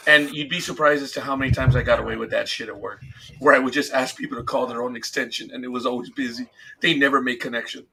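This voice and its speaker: A man's voice: medium pitch, steady tone, quick pace, vocal fry, bright, forceful tone, slight background noise. A man co-hosting a podcast, bantering and joking casually with some swearing. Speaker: podcast co-host. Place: studio.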